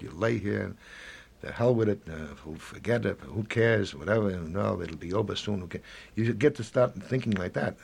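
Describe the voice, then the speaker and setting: A man in his seventies talks in an interview with a husky, gravelly voice. His voice sits low, and he rambles and halts, slipping into little acted-out dialogues. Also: darkish tone. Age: 70s. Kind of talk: reflective interview talk.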